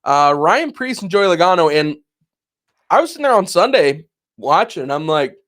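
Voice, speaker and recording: A man's voice: on the high side, big pitch swings, moderate pace, a bit bright. A man in his twenties co-hosting a podcast, chatting casually and acting out his own past reactions as he tells a story. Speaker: podcast co-host. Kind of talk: casual chat.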